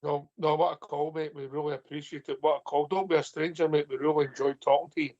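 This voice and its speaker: A man's voice: fairly high pitch, little pitch movement, fast talker, a little mellow, lo-fi sound. A man hosting a fan radio phone-in, friendly and informal with callers. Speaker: host. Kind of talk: casual radio chat.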